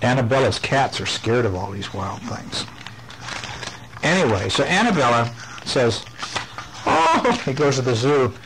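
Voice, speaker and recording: A father reading a picture book aloud to his child at home, playful and animated, with chatty asides. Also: medium pitch, normal speed, noisy background. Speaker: father reading a bedtime story.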